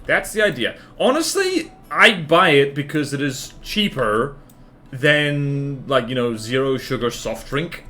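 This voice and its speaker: A man's voice: medium pitch, measured pace, pushed and bright, soft background music. A man chatting casually with his live-stream viewers while playing a game, rambling and laughing often as he answers chat.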